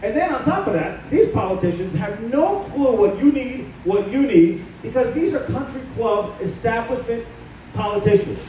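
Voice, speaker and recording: A man's voice: very high-pitched, expressive, moderate pace, mellow, slight background noise. A middle-aged man giving a combative campaign speech at an event, telling stories about himself. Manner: combative, storytelling. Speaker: political candidate. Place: event hall. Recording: echoey hall from far off.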